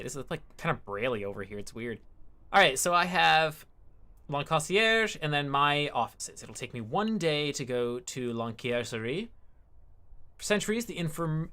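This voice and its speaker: A woman's voice: extremely low pitch, big pitch swings, normal speed, a bit bright. Chatty woman streaming a game. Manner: chatty, muttering asides. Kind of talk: casual game commentary, reading text aloud.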